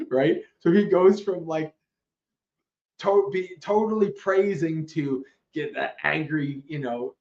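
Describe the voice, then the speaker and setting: A man teaching Dhamma on a livestream, telling a story with lively asides and frequent laughs. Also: fairly high pitch, slow. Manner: animated storyteller, laughs often, loose asides. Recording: roomy, slightly dull livestream audio.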